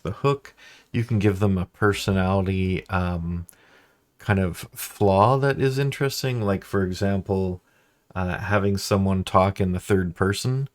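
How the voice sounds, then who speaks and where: A man chatting casually as a game master host, easygoing and meandering. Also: sits low. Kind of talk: casual instructional chat.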